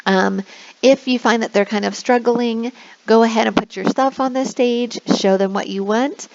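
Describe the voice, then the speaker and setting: A woman explaining classroom screens as an online English teacher, now and then slipping into a slow sing-song to model prompts for kids. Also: mid-range voice, vocal fry, darkish tone. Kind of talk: instructional screen walkthrough. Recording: dull lo-fi recording.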